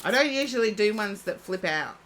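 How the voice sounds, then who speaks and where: A woman's voice: medium pitch, expressive, fairly quick, a bit bright, a little hiss or hum. A woman giving a live-streamed oracle card reading, chatting and thinking aloud as she reads. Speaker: psychic card reader.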